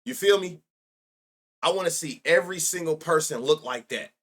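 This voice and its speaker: A man's voice: a little high, normal speed, fairly bright tone, slightly rough. A young man streaming live about sports bets, rambling and profane, laughing often and talking straight to his chat.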